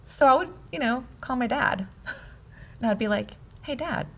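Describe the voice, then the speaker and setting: A middle-aged woman co-hosting a casual talk on marriage, telling stories in an animated way and laughing often. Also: a little high, unhurried, vocal fry. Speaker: podcast co-host, wife. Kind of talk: casual conversation about marriage.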